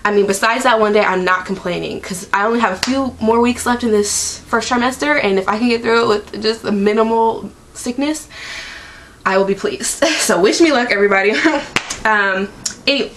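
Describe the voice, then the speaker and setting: A woman's voice: mid-range voice, moderate pace, fairly bright tone. A young woman in her twenties talks to her camera at home in a loose, rambling vlog style. She leans heavily on "like" and "um" as she goes. A faint background hum sits under her voice. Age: 20s. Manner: chatty, rambling, lots of "like" and "um". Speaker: vlogger. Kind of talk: casual chat.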